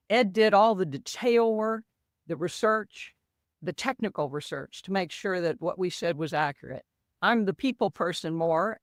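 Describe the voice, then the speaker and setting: A woman's voice: medium pitch, dry recording, studio quality. An older woman, a podcast guest who tells stories animatedly and acts out quoted dialogue. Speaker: co-author guest. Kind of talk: conversational podcast interview.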